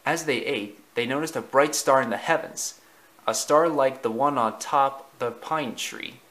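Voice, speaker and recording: A man narrating a storybook slowly and deliberately, with small slips in the reading. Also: mid-range voice, a bit bright, poor audio.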